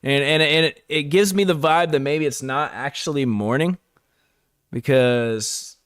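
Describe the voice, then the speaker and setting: A man's voice: fairly high pitch, a little slow, a bit bright, smooth, no echo, studio quality. A man giving a casual, rambling live-stream recap, full of fillers and chuckling asides.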